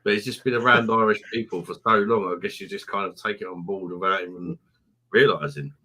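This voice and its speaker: A man's voice: fairly low pitch, a little fast, sharp tone. A man hosting a casual online pub live stream, reading out viewer comments, laughing often and trading crude, sweary banter.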